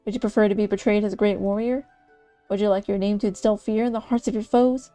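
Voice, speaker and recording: A woman's voice: medium pitch, fairly even intonation, quick pace, mellow, no room sound, faint music behind, natural voice. A woman voicing a teasing young woman who poses as an elf bard, in a flowery, mock-solemn manner.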